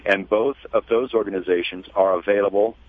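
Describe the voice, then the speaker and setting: A man talking as a guest in a radio interview, measured and spelling out web addresses slowly. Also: fairly low pitch, fairly even intonation, dry recording. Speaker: guest, gardening educator. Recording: tinny phone line.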